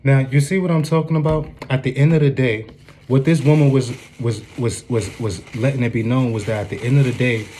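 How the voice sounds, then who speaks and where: Mellow-voiced man preaching earnestly. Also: medium pitch, steady tone, brisk. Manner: earnest, repeats "you dig what I'm saying". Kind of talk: informal preaching commentary.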